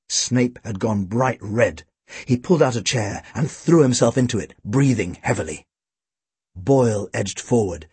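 A man narrating a storybook with a dry, wry, expressive delivery. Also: lowish voice, a little slow, husky, no room sound. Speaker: audiobook reader.

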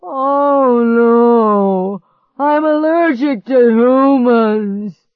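A woman's voice: fairly high pitch, drawn-out words, dry recording, voice pushed up. A woman reading a storybook and voicing a huge hairy male swamp monster who gasps out strained, demanding words. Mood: horrified. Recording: dull muffled audiobook recording.

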